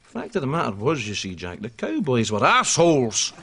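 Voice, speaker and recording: An actor playing a grumpy older Scottish man who bickers over books, with a gruff Scottish accent. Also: mid-range voice, wildly swooping pitch, normal speed, a bit bright, a little hiss or hum.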